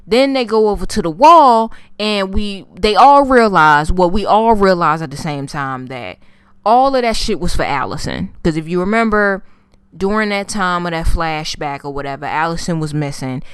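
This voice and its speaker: Female vlogger, profane animated recap; low, smooth tone. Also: normal speed, no echo, clean studio sound. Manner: animated storytelling, heavy swearing, slangy. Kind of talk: casual profane TV episode recap.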